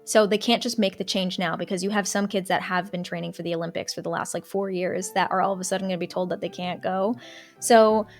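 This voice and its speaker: A young adult woman streamer telling an excited, gossipy story in casual chat, with lots of "like" between phrases. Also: on the low side, quick pace, soft background music. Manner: excited, gossipy retelling full of "like".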